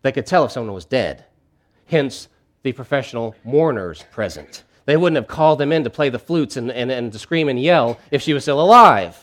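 A middle-aged man preaching a sermon in a conversational way, swinging between loud emphatic lines and quiet ones. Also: mid-range voice, lively intonation, normal speed. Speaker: pastor.

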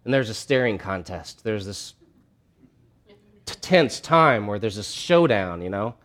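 A man's voice: lowish voice, animated, a little slow, a bit bright. A man preaching a sermon in a conversational, emphatic way, often restarting his phrases.

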